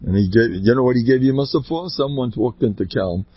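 A man giving an informal inspirational talk full of stories, with an animated delivery that swoops up high and then drops to quiet asides. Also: a little fast, slightly rough, no room sound. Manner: animated, swooping pitch, sudden quiet drops, laughs between points. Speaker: inspirational speaker. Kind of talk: informal Jewish ethical talk with storytelling. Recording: dull lo-fi dry recording.

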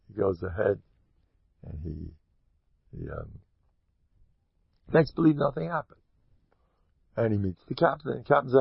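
A man telling a folksy parable with a moral, animated and sprinkled with Hebrew and Yiddish terms. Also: mid-range voice, moderate pace, creaky, long pauses, breathy edge, no room sound, highs cut off. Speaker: storyteller giving moral advice.

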